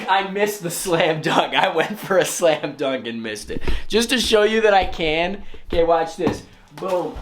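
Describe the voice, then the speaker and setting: A man's voice: fairly high pitch, lively intonation, unhurried, hardly any pauses, slight background noise. Rambling self-mocking man vlogging. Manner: self-mocking, rambling, sudden loud outbursts. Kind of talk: casual vlog.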